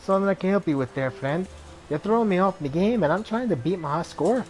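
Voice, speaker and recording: A man's voice: high-pitched, animated, quick pace, a little mellow, voice pushed up, rough recording. A man voicing a brawny, brash young Irish woman, an ex-ranger who talks in a chatty, blunt and slangy way.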